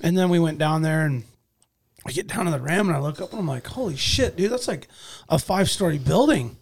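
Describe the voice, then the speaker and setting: Man with a high, gravelly voice; animated storyteller in casual chat. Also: fairly quick. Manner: animated, swings loud and soft while acting out moments.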